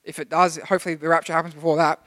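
A man's voice: a little high, flat delivery, racing, fairly bright tone. A young man giving a casual, rambling sermon, full of restarts, to a church group. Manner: chatty, rambling, with many restarts. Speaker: youth preacher. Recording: long hall reverb.

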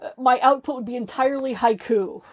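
A woman's voice: high voice, a little fast, very noisy. A woman co-hosting a podcast, chatting casually in a rambling, self-deprecating way with frequent swearing. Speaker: podcast co-host, author. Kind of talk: casual chat.

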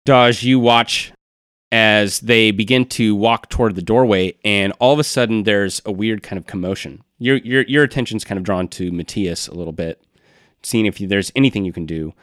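A man's voice: fairly low pitch, normal speed, fairly bright tone, no room sound, studio quality. Laid-back man running a tabletop game. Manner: casual, laughing, many fillers. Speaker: game master.

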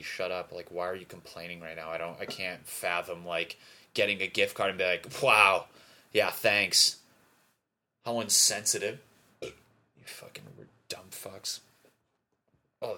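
A man's voice: low voice, pushed and bright. A young man talking alone in a casual, rambling monologue, swearing a lot and restarting his sentences often. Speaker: podcaster.

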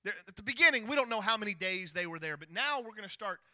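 Pastor guy preaching hard, high piercing voice, dry close sound. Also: quick pace, no room sound. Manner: emphatic preaching, rising to near-shouts, retelling scripture in lively voices. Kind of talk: sermon.

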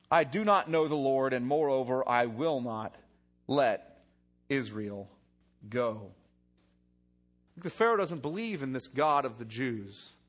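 A male pastor preaching a sermon, reading scripture and retelling it with dynamic swings from loud emphasis to quiet, hushed lines. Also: mid-range voice.

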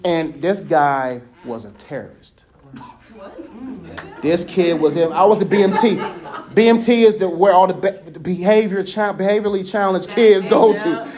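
A man giving a casual sermon, telling stories in an animated, conversational way and laughing often. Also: sits high, moderate pace, crowd noise. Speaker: speaker.

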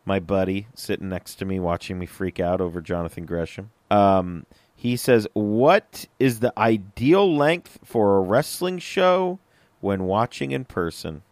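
A man's voice: on the low side, expressive, a little slow, a little mellow, no room sound. A young man co-hosting a casual podcast chat, rambling with lots of fillers. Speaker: podcast co-host.

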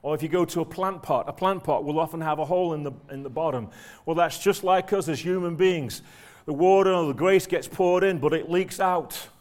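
A folksy, plain-spoken father with a broad Manchester accent, as a preacher puts him on, explaining things patiently in homely terms. The voice sits fairly high for a man. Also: fairly quick, darkish tone, natural voice.

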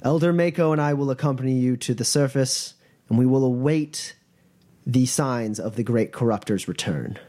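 A man's voice: medium pitch, moderate pace, dark tone, lightly acted. Man voicing a grave old grandmaster. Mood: solemn. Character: solemn elderly grandmaster, grave and resolute.

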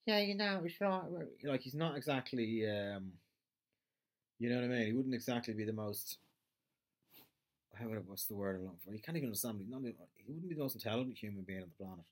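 A man with an Irish accent in a casual, rambling monologue, swearing freely and trailing off as he hunts for words. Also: mid-range voice. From Ireland.

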